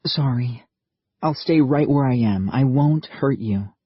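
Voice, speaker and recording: A man doing a soft-spoken young American woman. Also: mid-range voice, a little slow, husky, no room sound, dull audio, pitched above the performer's own voice. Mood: coaxing. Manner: soft, soothing, coaxing.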